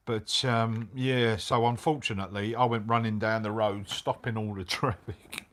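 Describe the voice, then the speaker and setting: A middle-aged man telling a motorbike travel story in casual chat, animated and full of slang. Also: on the low side. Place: hotel room, indoors.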